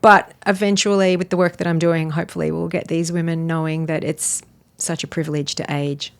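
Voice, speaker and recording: A woman's voice: sits low, flat delivery, fairly quick, creaky. Upbeat woman, laughing podcast guest. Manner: upbeat, laughs often, gives advice. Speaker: podcast guest, wellness expert and dating coach. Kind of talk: casual podcast chat.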